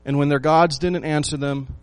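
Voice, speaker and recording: A man preaching a sermon, asking his listeners rhetorical questions and repeating phrases for emphasis, swinging between loud lines and hushed ones. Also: on the high side, steady tone, normal speed, smooth, dry recording. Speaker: pastor.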